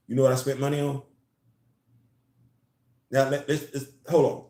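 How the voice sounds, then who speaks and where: A man's voice: mid-range voice, normal speed, pauses often. Emphatic man ranting in an echoey room. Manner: emphatic, animated, repeats phrases to build a point. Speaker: comics and culture commentator. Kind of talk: casual opinion vlog.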